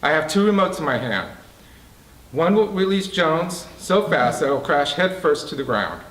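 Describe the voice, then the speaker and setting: A man's voice: on the high side, lively intonation, normal speed, a bit bright. A man reading the part of a mocking, scheming male prison boss with a smug, taunting manner. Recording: roomy, distant mic.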